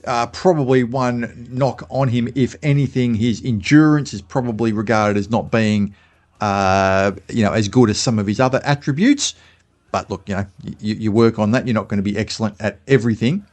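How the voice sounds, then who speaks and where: A man's voice: fairly low pitch, normal speed, darkish tone. An Australian man talking casually as host of a fan channel, thinking aloud with fillers and restarts. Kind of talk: casual spoken commentary.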